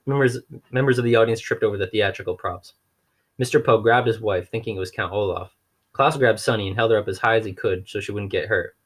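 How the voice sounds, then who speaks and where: A man reading a children's novel aloud in a steady, wry way, with occasional restarts. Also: fairly low pitch, fast. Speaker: audiobook reader.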